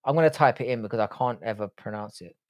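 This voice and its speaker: Speaking quickly in a fairly low voice, a UK-raised young man runs a live stream. He reads out what viewers comment, chatting casually, bluntly and with plenty of swearing.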